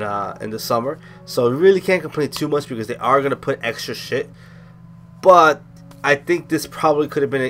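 A man's voice: medium pitch, a bit bright. Profane laid-back man recapping a game. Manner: profane, loose and rambling. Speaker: gaming commentator. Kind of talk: let's play commentary.

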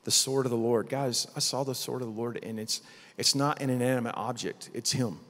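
Animated middle-aged pastor in a big hall. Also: male voice, medium pitch, brisk. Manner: animated storytelling, acting out quotes. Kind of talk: conference sermon testimony. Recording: long hall reverb.

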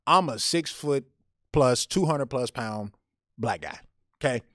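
A man's voice: mid-range voice, lively intonation, slow pace, fairly bright tone, no echo, studio quality. A man co-hosting a podcast, telling a story animatedly with lots of restarts. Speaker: podcast co-host. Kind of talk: casual podcast chat and storytelling.

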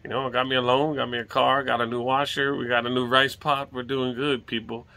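Laid-back man, bright voice. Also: mid-range voice, little pitch movement, a little fast, gravelly. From Hawaii. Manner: laid-back, rambling, swears casually. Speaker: vlogger. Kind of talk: casual rambling chat. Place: outdoors on a home porch.

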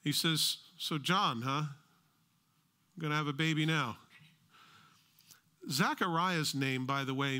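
A man's voice: fairly high pitch, sharp tone. A middle-aged American man preaching a sermon as pastor, conversational with joking asides.

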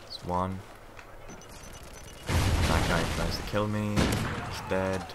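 A man's voice: low voice, steady tone, very slow, over loud music. A man doing live gameplay commentary, frustrated and swearing as he plays. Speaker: gamer. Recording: game noise clearly behind.

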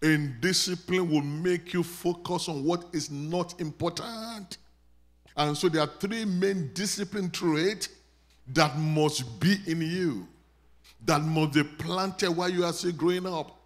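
A man with a Nigerian accent preaching a sermon, leading his congregation in call and response and rising to loud prayer declarations. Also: a little high, measured pace. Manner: builds to loud declarations when praying over the congregation. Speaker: pastor.

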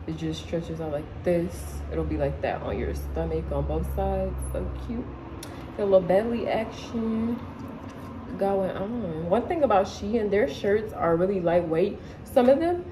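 A young woman chatting casually in her living room, excitable and slangy, as a vlogger showing clothes. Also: medium pitch, background noise. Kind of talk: casual haul video chat.

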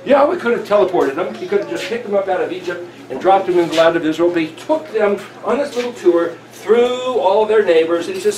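A man's voice: high voice, a little fast, a little mellow. A man teaching scripture, reading verses aloud and then explaining them in a conversational way. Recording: roomy with faint background noise.

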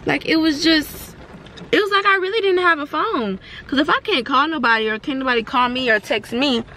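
A young woman chats in a casual vlog, bubbly and full of slang. Her voice sits a little high. A faint hiss runs under the phone-camera recording. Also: bright, forceful tone. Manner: bubbly, slangy, talks straight to viewers. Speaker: vlogger.

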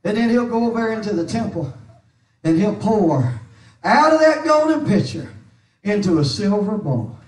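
A man preaching a holiness sermon as pastor, shouting his lines with a rhythmic "uh" between phrases. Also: sits high, very animated, normal speed. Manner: shouting preacher with constant "uh" cadence. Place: church sanctuary. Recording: echoey church hall from far off.

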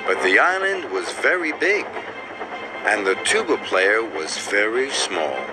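A man reading a children's story aloud in an expressive, sing-song narrating manner. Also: fairly low pitch, measured pace, over music, low-quality recording.

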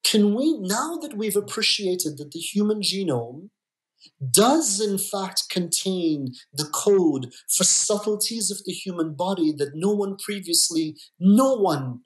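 A man's voice: high-pitched, expressive. Emphatic man explaining genetics. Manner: emphatic, repeats words, slow deliberate stresses. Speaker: geneticist guest. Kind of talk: podcast interview.

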